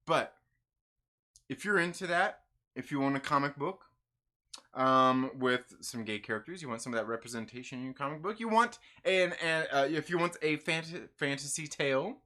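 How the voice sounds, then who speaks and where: Brief Man, live-stream comics host, bright tone, loose and profane, laughs a lot. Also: mid-range voice. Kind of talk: casual live-stream chat.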